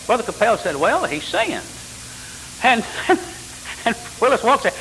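An older man preaching a sermon as pastor, full of rhetorical questions and sudden jumps in pitch. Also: very animated, a little fast, creaky, sharp tone. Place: church sanctuary. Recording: church hall reverb with faint hiss.

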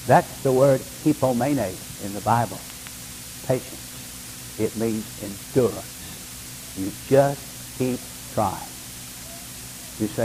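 An older man, a pastor, preaching a sermon with emphatic delivery, dropping to hushed lines and rising to loud ones. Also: medium pitch, slow, long pauses, slight background noise, rough recording.

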